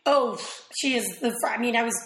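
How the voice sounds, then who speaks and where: A woman talks as an interview guest in a loose, rambling way, full of quick asides. Her voice sits a little high. The room around her is echoey. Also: fairly bright tone. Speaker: actress guest. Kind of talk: casual interview chat.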